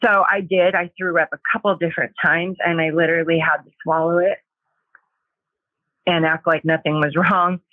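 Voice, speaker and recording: Woman guest, halting testimony, tinny narrow sound with no room echo. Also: fairly low pitch, fairly even intonation. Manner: hesitant, halting, with many pauses. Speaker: guest sharing a personal testimony. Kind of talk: emotional personal testimony.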